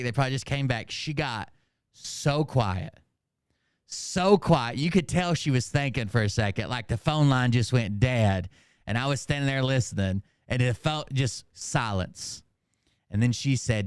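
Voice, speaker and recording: A middle-aged man telling a funny story casually, profane and animated, laughing at his own jokes. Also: mid-range voice, a little slow, smooth, dry recording, clean studio sound. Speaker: host.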